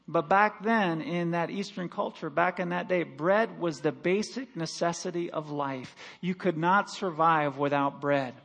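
High-pitched guy preaching, gets loud and slow on big lines then drops quiet. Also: gravelly. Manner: emphatic, swings between loud declarations and quiet asides. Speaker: pastor. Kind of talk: sermon.

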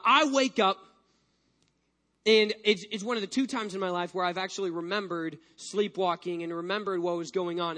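High-voiced, bright male pastor. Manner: animated storyteller, frequent restarts. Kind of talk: sermon with personal storytelling.

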